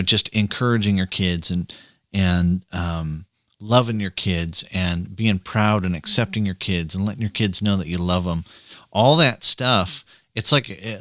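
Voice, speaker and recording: A man's voice: low voice, a bit bright, no room sound, studio quality. A man hosting a podcast, a chatty storyteller talking casually about fatherhood. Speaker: podcast host, father of three girls. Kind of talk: casual chat.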